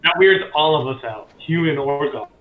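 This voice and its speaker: A man's voice: on the high side, lively intonation, brisk. A male player goofing around in a tabletop game, narrating his actions and speaking for his character. His voice comes through a dull, muffled mic in a roomy, echoing space. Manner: playful, slips in and out of character. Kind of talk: tabletop game role-play.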